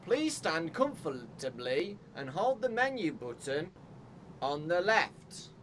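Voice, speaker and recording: A young man from England giving live commentary as he plays a horror game, jumpy and prone to yelping and shouting in fright. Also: on the high side, big pitch swings, slow, a little hiss or hum. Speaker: streamer.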